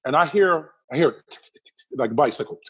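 A man being interviewed, telling a personal story with lively energy and acting out the other people's lines. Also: fairly high pitch, fast, slightly rough. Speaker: interview guest.

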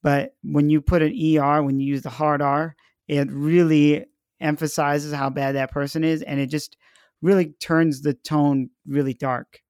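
A man's voice: on the high side, flat delivery, measured pace, a little mellow, clean tone, no room sound, studio quality. A man being interviewed, answering in a playful, candid and cheerfully profane way. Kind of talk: casual street interview.

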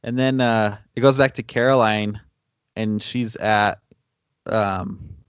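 A man's voice: on the low side, steady tone, slow pace, clean tone, no echo, lo-fi sound. A man co-hosting a casual movie recap chat, laid-back, with ums and laughs. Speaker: podcast co-host.

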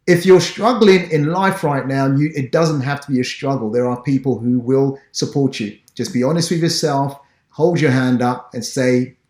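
A man's voice: medium pitch, darkish tone, echoey room. A man from Ghana hosting an interview podcast, talking in an earnest, encouraging way. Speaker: podcast host.

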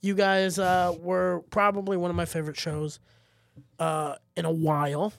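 High-voiced animated man telling stories. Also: normal speed, vocal fry, dry recording, studio quality. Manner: animated storyteller, loud excited bursts when acting out stories. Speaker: comedian podcast co-host. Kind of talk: casual chat, storytelling.

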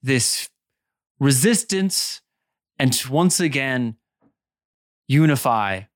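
A man's voice: mid-range voice, animated, slow pace, dry recording, clean studio sound. A man voicing a ceremonious noble announcer. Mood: grand, ceremonious.

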